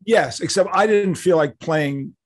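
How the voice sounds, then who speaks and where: A man's voice: high voice, measured pace. An older man, a guest on an interview show, telling a story animatedly and acting out the dialogue. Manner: animated, acts out quoted dialogue.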